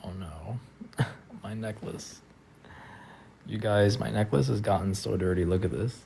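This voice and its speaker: A tired man talking casually on a live stream from a friend's house, soft-spoken and trailing off with lots of fillers. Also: on the low side, measured pace, creaky, slight background noise. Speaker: livestreamer.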